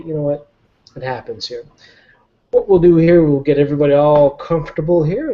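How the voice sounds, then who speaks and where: A man's voice: on the high side, dark tone. A man hosting a casual live online chat show from home, laid-back and jokey. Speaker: host. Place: home in Nova Scotia. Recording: lo-fi online call audio.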